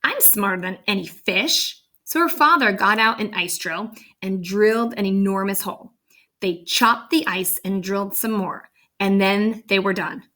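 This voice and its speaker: A woman's voice: medium pitch, normal speed, sharp tone. Chatty woman reading a storybook aloud. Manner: chatty, amused asides. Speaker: storybook reader. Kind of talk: read-aloud storytelling with asides.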